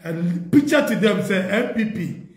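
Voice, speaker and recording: Ghanaian guy pleading hard w party folks, kinda high voice, echoey room. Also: animated, moderate pace. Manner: earnest, pleading, repetitive. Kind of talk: impassioned appeal, Twi mixed with English.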